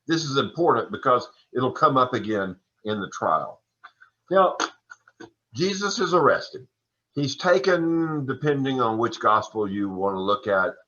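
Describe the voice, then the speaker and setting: Man giving a chatty Bible lecture. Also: medium pitch. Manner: relaxed, chatty teaching with folksy asides. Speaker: Sunday school teacher. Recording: dull lo-fi recording.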